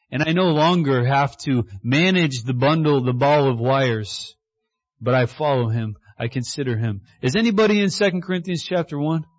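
Man, pastor, sermon, chatty storytelling preaching, slightly high voice, muffled lo-fi sound. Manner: conversational preaching, acts out quotes, rising to excited shouts.

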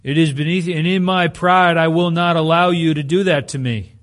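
A preacher voicing a proud, protesting apostle. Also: male voice, mid-range voice, slow pace. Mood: indignant. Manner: indignant, insistent refusals.

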